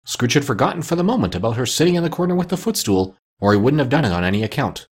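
A man narrating a classic story with a lively, expressive reading. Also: mid-range voice, very fast, slightly rough.

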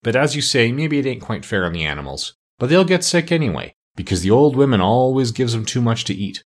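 A man playing an uneducated, talkative cat's-meat seller with rough, colloquial speech. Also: medium pitch, very animated, brisk. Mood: pushy.

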